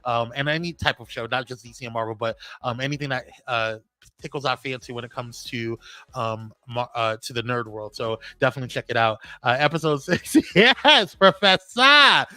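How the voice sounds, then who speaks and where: A man's voice: mid-range voice, fairly quick, no room sound, poor audio. A man with a New York accent co-hosting a live show, chatting casually, greeting viewers and reading out news. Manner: animated, shouts out viewers by name. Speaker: podcast co-host.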